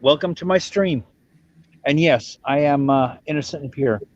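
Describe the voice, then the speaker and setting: A man's voice: fairly high pitch, moderate pace, a little mellow, dull audio, a little hiss or hum. A man from Ireland hosting a casual livestream chat, blunt and self-mocking in how he talks. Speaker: livestream host.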